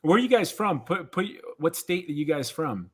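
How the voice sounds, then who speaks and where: A man's voice: a little high, sing-song, moderate pace, husky. Upbeat man hosting a live chat. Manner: chatty, upbeat, greets viewers. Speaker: host.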